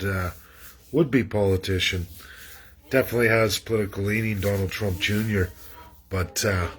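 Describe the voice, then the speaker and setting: An earnest man with an Albertan Canadian accent talks straight to his livestream viewers. He rambles, doubles back and restarts his sentences, with an ordinary mid-pitched voice. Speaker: livestream host. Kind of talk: casual livestream monologue. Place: outdoors in a rural area.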